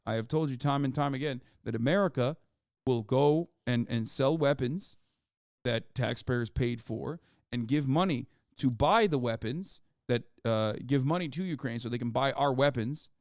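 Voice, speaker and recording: A man's voice: mid-range voice, normal speed, darkish tone, no room sound, clean studio sound. A man streaming live, reading news aloud and reacting with profane, exasperated rants.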